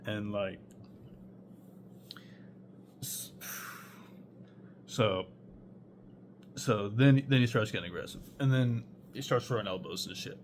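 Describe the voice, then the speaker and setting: Young man, low voice, rambling casual storyteller, swears a lot; faint hum underneath. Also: slow, long pauses. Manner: rambling, heavy on fillers and swearing.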